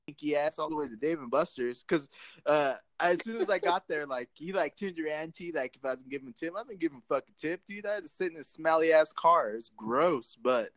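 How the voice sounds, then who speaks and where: A man's voice: fairly high pitch, lively intonation, fast, fairly bright tone, dry recording. Laid-back, profane man telling stories. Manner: profane, laid-back storytelling with lots of "dude". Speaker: podcast co-host. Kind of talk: casual podcast chat.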